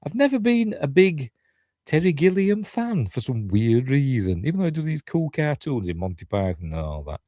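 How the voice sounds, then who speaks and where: A man's voice: a little high, very animated, normal speed, mellow, dry recording, clean studio sound. A tired man with a Yorkshire accent hosting a casual live stream, rambling and self-deprecating with chuckling asides. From Yorkshire, England. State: tired, yawning. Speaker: YouTube host.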